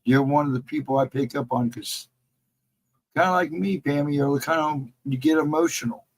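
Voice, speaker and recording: A man's voice: fairly high pitch, normal speed, low-quality recording. A middle-aged man co-hosting a casual livestream chat, talking in an earnest, encouraging way and repeating his advice. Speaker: livestream co-host.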